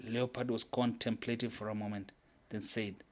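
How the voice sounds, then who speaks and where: A man narrating a folktale in an animated, dramatic storytelling manner. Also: lowish voice, moderate pace.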